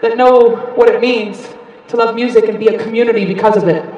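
A woman's voice: fairly high pitch, a little fast, lo-fi sound. American woman bantering with a concert crowd. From United States. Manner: playful, shouting out to the crowd. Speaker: singer on stage. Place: large live concert venue. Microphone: stage mic through the PA. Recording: echoey live concert audio from far off. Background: loud cheering crowd.

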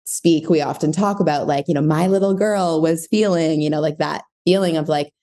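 A woman's voice: sits low, normal speed, warm tone. A woman, a parenting coach, talking in a casual interview, reflective and searching for her words with many fillers. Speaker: parenting coach, podcast guest.

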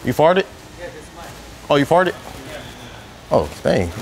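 A man's voice: on the high side, sing-song, slow, vocal fry, a little hiss or hum, poor audio. Joking young man. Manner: joking, laughs a lot, says "bro" often. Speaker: vlogger. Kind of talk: casual prank vlog. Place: store, indoors.

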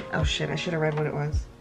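A woman with a Southern American accent chats away casually at home as she gets ready, swearing freely and wandering between thoughts. Her voice carries a gravelly, fry-tinged texture, and music plays clearly underneath her. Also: deep voice. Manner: chatty, swearing, rambling with fillers. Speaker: vlogger. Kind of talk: casual chat.

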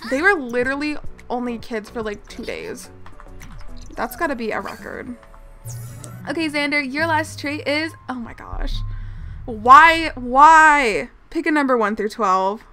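A woman with a high voice gives chatty, excitable commentary over her gameplay. She gasps and exclaims often, and soft music plays underneath. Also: moderate pace. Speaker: gaming channel host.

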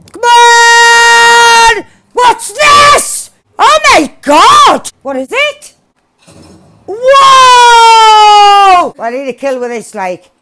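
A woman giving excited gameplay commentary as a streamer, shouting, swearing and cheering at the action. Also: very high-pitched. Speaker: gaming streamer.

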